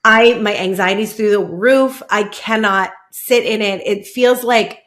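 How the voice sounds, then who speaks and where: Woman hosting, halting, full of "like". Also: mid-range voice, a bit bright. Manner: halting, heavy use of "like", many restarts. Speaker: podcast host. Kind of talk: casual personal storytelling.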